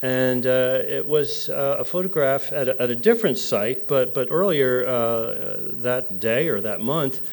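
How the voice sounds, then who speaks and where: A middle-aged man from New Jersey speaks at a conference, telling stories with humor. His pitch sits in an ordinary middle range, and he acts out the people he quotes. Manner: animated storyteller, mimics voices in quotes. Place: conference hall.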